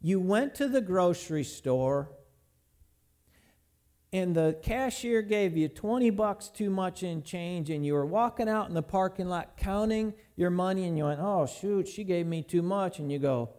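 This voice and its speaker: A man's voice: sits high, lively intonation, mellow. Folksy man preaching a sermon. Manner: storytelling, folksy, slows to stress points. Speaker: pastor.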